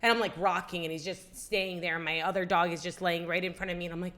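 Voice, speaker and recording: Woman, young, casual podcast co-host, emotional storytelling, lots of "like", forceful bright tone. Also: on the low side, fairly even intonation, fast. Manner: emotional storytelling, acts out quoted dialogue, many "like"s. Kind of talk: casual chat.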